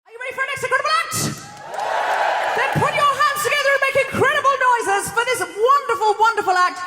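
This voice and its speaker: A woman hosting a comedy show, introducing acts with shouted, hyped introductions. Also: very high-pitched, fast talker. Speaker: host. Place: large theatre stage. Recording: theatre with long reverb, loud crowd.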